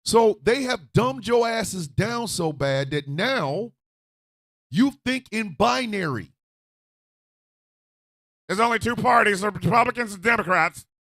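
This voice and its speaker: A man hosting a radio talk show, ranting loudly and profanely, swinging from shouts to low mutters. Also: expressive, a little slow, long pauses, dry recording, clean studio sound. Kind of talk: animated political rant.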